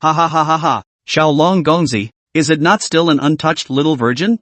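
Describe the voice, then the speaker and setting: A man's voice: on the high side, normal speed, a bit bright, no room sound, natural voice. A man voicing a playful, mischievous female cat demon girl who teases and giggles. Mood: teasing. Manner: teasing, giggling. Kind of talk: recap narration with read-out dialogue.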